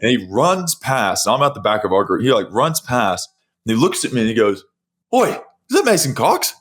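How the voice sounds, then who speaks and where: Male podcast host, lower voice, lively storyteller. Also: a little fast, breathy edge. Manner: animated storyteller, laughs often. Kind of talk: casual chat.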